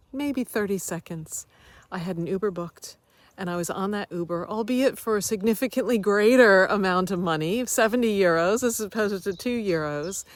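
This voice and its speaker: A woman coach sharing a personal story in a reflective way, growing lively as she relives moments. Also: medium pitch. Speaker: wellness coach. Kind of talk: personal story told to camera.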